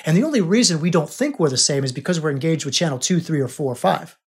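A man's voice: fairly high pitch, quick pace, hardly any pauses, husky. A man hosting a podcast as a coach, teaching in an emphatic, repetitive way. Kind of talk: spiritual coaching monologue.

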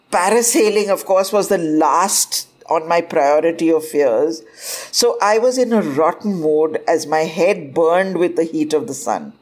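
A woman narrates a first-person story at an unhurried, drawn-out pace. Her voice sits fairly low, and she tells it expressively, jumping far higher whenever she quotes someone crying out. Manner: expressive, lifts the voice sharply for quoted cries.

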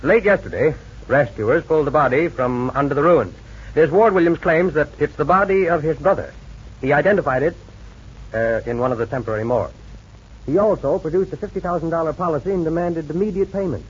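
An actor playing a calm, methodical male insurance investigator in a 1940s radio drama, speaking in a measured, businesslike way. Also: on the high side, slightly rough. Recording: dull lo-fi old radio recording with faint hiss.

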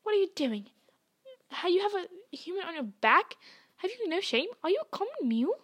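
A woman reading aloud, voicing an angry, stern male centaur with a loud, scolding delivery. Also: very high-pitched, big pitch swings, normal speed, no room sound, studio quality, voice pushed up, full character voice.

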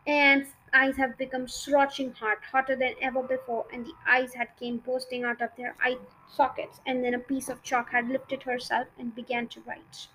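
High-voiced woman reading a storybook. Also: moderate pace, few pauses, a little hiss or hum, low-quality recording. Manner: expressive reading with small slips. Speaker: storybook reader. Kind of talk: reading a children's novel aloud.

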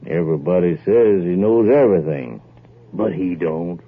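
Surly deep-voiced idle husband. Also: male voice, normal speed, slightly rough. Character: lazy boastful young husband, thuggish and idle. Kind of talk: 1940s radio acting. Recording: tinny old radio broadcast.

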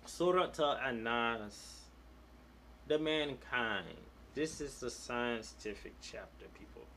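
Slow-paced man teaching scripture. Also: medium pitch, bright, forceful tone, slight background noise. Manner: recites Arabic verses slowly, then translates to English. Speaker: Muslim religious teacher. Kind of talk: slow religious lesson.

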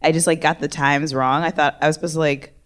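A woman's voice: low-pitched, steady tone, fast. A woman in casual chat, telling a story in a playful way and laughing often.

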